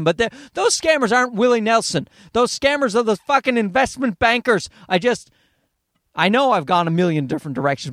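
A man's voice: high-pitched, fairly bright tone, dry recording, studio quality. A man hosting a solo podcast, ranting in a rambling, profane, sarcastic way. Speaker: podcast host.

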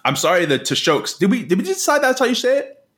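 A man's voice: high-pitched, very animated, fast, a bit bright. A man co-hosting a comedy podcast, reading listener mail aloud and wandering off into rambling, giggly tangents. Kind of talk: casual comedic chat.

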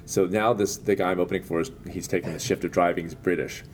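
A low-voiced man hosting a casual conversation, telling stories with energy and quick laughs. A faint low rumble sits in the background. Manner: animated storyteller, laughs often. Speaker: podcast host. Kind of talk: casual chat.

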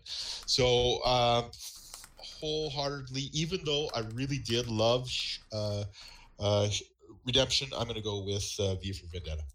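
A man's voice: medium pitch, normal speed, a bit bright. Man, mid-range voice, earnest, stumbles over his words. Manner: earnest, hesitant, repeats himself while thinking. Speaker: podcast panelist. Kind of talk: casual chat.

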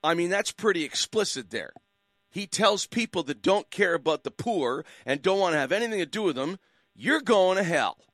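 A man's voice: high voice, animated, moderate pace, a bit bright, no room sound. Man, radio host, fiery preachy commentary, rhetorical questions, dry studio mic. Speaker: radio talk show host. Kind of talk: impassioned call-in radio commentary.

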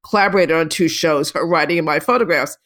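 A woman's voice: deep voice, quick pace. Rambling woman photographer telling stories. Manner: rambling, restarts, quotes people in lively put-on voices. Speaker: photographer guest. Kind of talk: casual storytelling interview.

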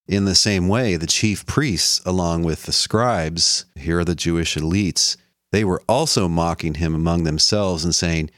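A man's voice: low voice, a little slow, a bit bright, no room sound, clean studio sound. A man giving an explanatory lecture on a biblical text in a conversational teaching manner, lifting his voice when he reads quotations. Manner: conversational teaching, quoting scripture with a lifted voice. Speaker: lecturer on the Bible.

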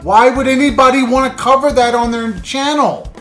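Guy cohosting a podcast, riffs and jokes around, soft music in the back. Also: very high-pitched, fairly even intonation, moderate pace. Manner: joking, riffing, acts out quotes. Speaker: podcast co-host. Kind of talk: casual comedic chat.

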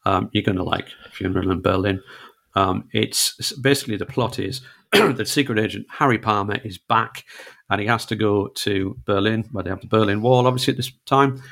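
A man talks through old films as a radio guest. His voice sits low, with a gravelly fry. He is relaxed and chatty, poking fun at himself. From northeast England. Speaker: film reviewer guest. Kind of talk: casual radio chat.

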